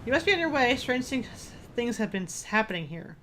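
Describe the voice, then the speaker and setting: A woman's voice: on the high side, sing-song, brisk, a bit bright, slight background noise. A woman voicing a grim, vengeful old male fisherman in a game, reading the dialogue aloud with a few stumbles.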